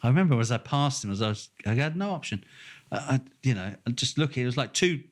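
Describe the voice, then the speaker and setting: Speaking fast and expressively at a medium pitch, this older podcast co-host from England has a Norfolk accent. In a relaxed chat he tells a lengthy story, cursing freely and laughing as he imitates its characters.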